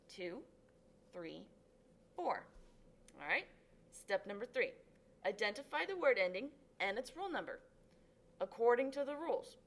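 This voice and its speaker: A woman's voice: on the high side, a bit bright, slight background noise. A woman tutor giving a lesson, upbeat and encouraging, stretching out syllables dramatically to show stress. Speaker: Spanish tutor. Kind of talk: classroom lesson.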